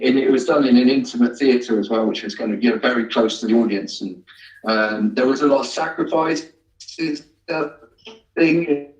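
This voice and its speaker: A man being interviewed, talking in a halting way with many fillers and restarts. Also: medium pitch. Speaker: guest, amateur actor. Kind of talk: casual interview chat. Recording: echoey, distant, dull sound.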